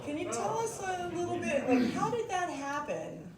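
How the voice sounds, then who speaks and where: A woman's voice: very high-pitched, huge pitch swings, normal speed, over a noisy crowd. A woman interviewing a guest on stage, asking upbeat questions with easy laughs. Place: museum event hall with audience. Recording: echoey hall from far off, noisy.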